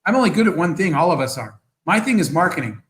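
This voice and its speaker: A man, a guest entrepreneur, telling motivational stories in an interview in an animated, quick way. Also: sits high, low-quality recording. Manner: animated, fast storyteller with bursts of laughter.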